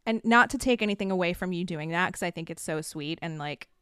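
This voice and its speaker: Playful woman with a smooth voice. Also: fairly low pitch, brisk, fairly bright tone, no room sound, clean studio sound. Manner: playful, teasing, laughs easily. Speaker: podcast co-host. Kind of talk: casual chat.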